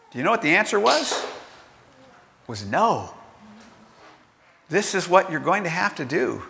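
Older male pastor, chatty sermon delivery with rhetorical questions; bright tone, church reverb. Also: high-pitched, big pitch swings, a little slow, creaky, pauses often, slight background noise. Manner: conversational preaching with rhetorical questions and acted-out quotes.

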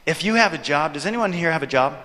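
A man preaching a sermon, telling a story with animated delivery and acting out his own reactions. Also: fairly high pitch, fast, a little hiss or hum. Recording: long hall reverb.

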